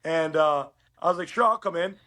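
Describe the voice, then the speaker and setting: A middle-aged man from Uruguay appears as a guest on a podcast, telling stories in a casual interview. His voice is high, and he speaks rapidly and with liveliness, acting out quoted dialogue in an animated way.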